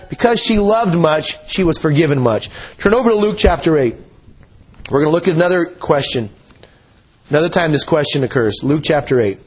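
A man with a fairly high, husky voice delivers a sermon. He reads scripture passages aloud and presses his points with earnest, emphatic rhetorical questions. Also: poor audio. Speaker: preacher.

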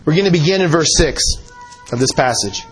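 A man with a fairly high, husky voice delivers a sermon. He reads scripture passages aloud and presses his points with earnest, emphatic rhetorical questions. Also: animated, a little fast, soft background music, low-quality recording. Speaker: preacher.

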